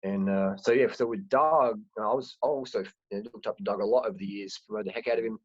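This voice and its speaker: A husky-voiced man talks frankly in a loose, rambling way, often restarting his words. The sound is dry and a little dull, like a lo-fi home recording. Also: lowish voice, fast talker, dry recording. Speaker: host. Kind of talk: casual chat.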